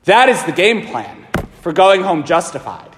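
A man, a priest, preaching a sermon in an animated, emphatic way, asking his listeners rhetorical questions. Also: high-pitched, moderate pace, slight background noise. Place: large church. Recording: long church reverb.

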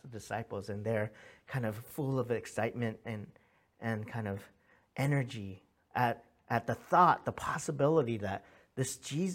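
Pastor, man, 30s, conversational sermon delivery, earnest storyteller, mid-range voice. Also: medium pitch. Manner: earnest, animated storytelling with frequent restarts and "right?" asides.

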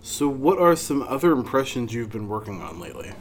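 A man's voice: medium pitch, animated, brisk, a little hiss or hum. A man hosting a podcast, chatting casually and giving short encouraging responses. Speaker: podcast host.

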